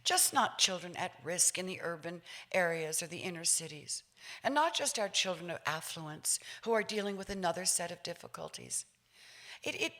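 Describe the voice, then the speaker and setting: A woman in her sixties giving a public talk, telling a personal story in an animated way and acting out voices with laughs. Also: fairly low pitch. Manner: lively, acts out voices, laughs while telling. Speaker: featured speaker.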